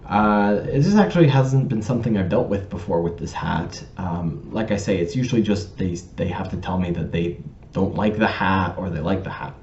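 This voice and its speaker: A man with a low, mellow voice rambles through a personal story, stopping to correct word choices and restarting his sentences. The recording sounds roomy and a little dull. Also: animated, normal speed, slight background noise. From Canada. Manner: pedantic, digressive, with many ums and restarts. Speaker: vlogger telling a personal story. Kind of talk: casual storytelling to camera.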